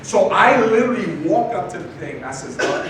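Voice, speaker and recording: Animated man telling a story in echoey room. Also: sits high, brisk. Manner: animated, acts out quoted voices with laughs. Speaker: speaker telling a business lesson story. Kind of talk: storytelling talk to an audience. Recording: distant mic in a very echoey room with noise.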